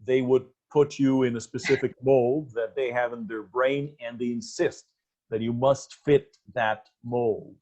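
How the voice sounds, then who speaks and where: A man hosting an interview, asking long questions with many pauses and fillers. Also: medium pitch, steady tone, a little mellow. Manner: hesitant, many fillers, long lists of terms. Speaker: interview host. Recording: dull lo-fi audio.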